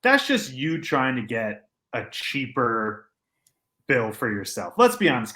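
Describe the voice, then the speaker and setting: Male podcast co-host, bright and forceful tone, animated storyteller, opinionated banter. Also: mid-range voice, unhurried. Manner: animated storyteller acting out quotes; joking, opinionated. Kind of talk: casual podcast chat.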